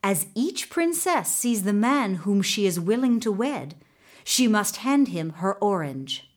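An ambitious royal advisor talks a king round with smooth, deferential persuasion, as a woman storyteller puts him on. His lines come slowly, with rising and falling pitch, in a told folktale. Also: sing-song. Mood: persuasive.

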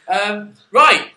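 Bright-voiced man co-hosting a roomy podcast. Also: high-pitched. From England. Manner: chatty, giggly, plugging the show. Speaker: podcast co-host. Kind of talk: casual chat. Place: small room with studio gear. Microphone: studio microphone.

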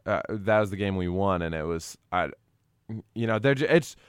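A man's voice: low-pitched, normal speed, clear, resonant tone, no echo, studio quality. A young man co-hosting a casual sports podcast, rambling about coaching middle school basketball. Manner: rambling, animated when quoting kids.

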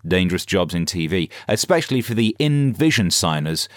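A man hosting a scripted satirical news comedy podcast with a sarcastic, deadpan delivery. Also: sits low, brisk, no echo, clean studio sound.

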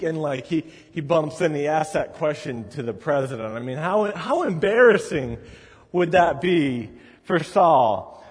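Husky-voiced preacher, conversational. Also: male voice, on the high side, big-room sound. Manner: conversational, storytelling, with frequent asides. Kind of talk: sermon.

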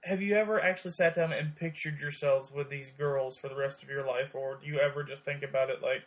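A man co-hosting a podcast in casual chat, talking quickly and stammering over repeated words. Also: mid-range voice, steady tone, a bit bright. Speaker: podcast co-host.

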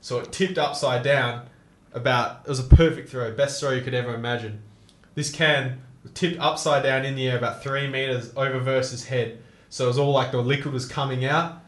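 A man's voice: mid-range voice, steady tone, moderate pace, a bit bright, a little hiss or hum. Young man, laughing, swearing storyteller, echoey room. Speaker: co-host. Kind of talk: casual chat.

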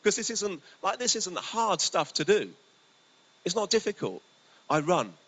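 A male pastor preaching a sermon in a conversational, storytelling way, his voice swinging between lively bursts and hushed asides. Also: high-pitched, unhurried, poor audio. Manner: conversational, animated, often drops to a hushed voice. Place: church hall. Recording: faint hiss.

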